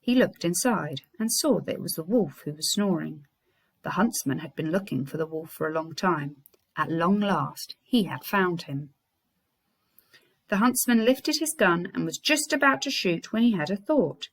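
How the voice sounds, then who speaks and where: A primary school teacher with an English accent and a lowish, husky voice reads her class a fairy tale at a moderate pace, bringing expressive storytelling to it.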